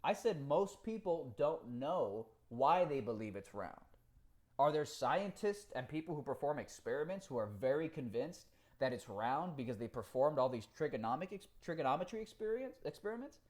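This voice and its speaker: A man chatting on a live stream, reading out comments and talking in an animated, profane way with frequent laughs. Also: fairly high pitch, normal speed. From Cuba.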